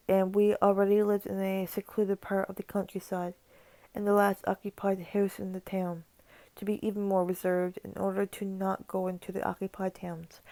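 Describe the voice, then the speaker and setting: A woman's voice: mid-range voice, mellow, no echo. A woman reading a horror story aloud as a channel narrator, stumbling over words now and then and dropping casual asides between passages. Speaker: creepypasta narrator.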